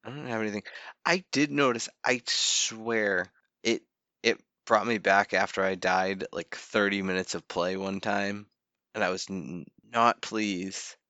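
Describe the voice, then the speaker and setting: A man with a low, forceful voice in a casual gaming chat. He speaks plainly and matter-of-factly, and the recording is dry with no room echo. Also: unhurried, dull audio.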